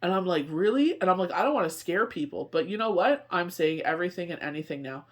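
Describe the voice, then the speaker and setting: A woman's voice: lowish voice, animated, quick pace. A woman from Canada, giving a casual spoken tarot reading in a rambling, chatty way, full of asides and fillers. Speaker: tarot card reader.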